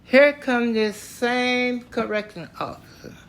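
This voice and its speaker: An older man from Tennessee, slowly and plainly recounting a story from his own life. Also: very high voice, expressive, fairly bright tone, clean tone. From Tennessee, US South. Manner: slow, plainspoken, matter-of-fact telling. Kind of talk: spoken personal story.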